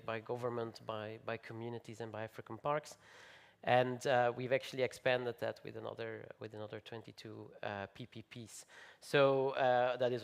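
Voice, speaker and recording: A man speaking as a panelist at a conference, measured with frequent fillers and restarts. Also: medium pitch, gravelly.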